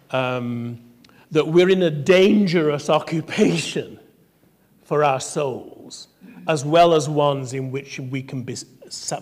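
Man, clergy speaker, slightly raised voice, wry, measured, long hall reverb. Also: fairly high pitch. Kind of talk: reflective sermon talk. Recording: echoey hall from afar.

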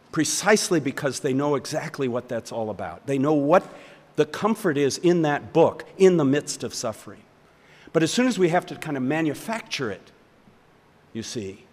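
A man's voice: mid-range voice, in a large hall. An older man teaching a seminar, talking in a thoughtful, rambling way with restarts and chuckles. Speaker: seminary professor. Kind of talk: lecture with audience questions. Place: lecture hall.

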